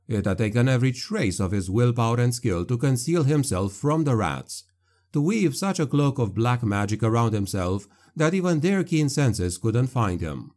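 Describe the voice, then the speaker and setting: A man narrating a dark fantasy audiobook in a measured, grave manner. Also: medium pitch.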